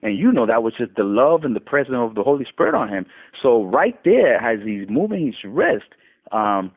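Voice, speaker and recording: Over a tinny phone line, a man tells a casual faith testimony, restarting often and raising his voice as he quotes other people in his lively retelling. His mid-range voice moves at a normal speed with a breathy edge.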